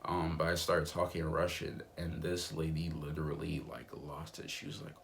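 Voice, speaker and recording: A man's voice: extremely low pitch, level tone, moderate pace, vocal fry, few pauses, slight background noise. A young man vlogging in a rambling, laid-back way, full of fillers. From United States. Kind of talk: casual vlog monologue.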